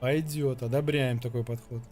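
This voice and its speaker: A man's voice: mid-range voice, fairly even intonation, moderate pace, music in the background. A man streaming a game, loosely translating the lines aloud and swearing casually. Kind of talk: live gameplay commentary.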